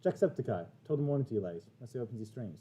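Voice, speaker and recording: A man from Australia co-hosts a livestream in casual, teasing banter. His voice sits at an ordinary middle pitch, and he jokes freely, then slows down to explain things patiently. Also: animated, dark tone, dull audio. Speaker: co-host.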